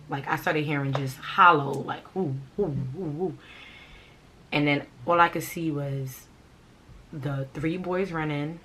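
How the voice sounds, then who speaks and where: A woman's voice: sits low, fairly bright tone, a little hiss or hum. A woman from Brooklyn, telling a story in a casual, blunt, profane, rambling way. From Brooklyn, New York. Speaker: vlogger.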